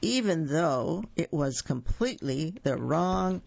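A man's voice: on the high side, animated, takes it slowly, creaky, a little mellow, muffled recording, a little hiss or hum. A man reading a picture book aloud, adding playful asides as he tells the story.

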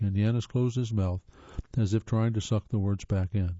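A man reading audiobook narration in a steady, measured way. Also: lowish voice, dry recording. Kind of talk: scripted narration. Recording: dull dry lo-fi audiobook.

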